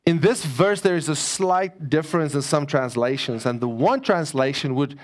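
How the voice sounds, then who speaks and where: A man's voice: on the high side, normal speed. A man preaching a sermon as pastor, conversational and joking with his congregation.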